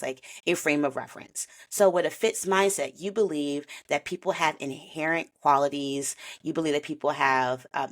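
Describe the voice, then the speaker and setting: A woman hosting a podcast, chatting casually and animatedly about an anime, with slangy asides and frequent laughs. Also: sits low. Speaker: podcast host.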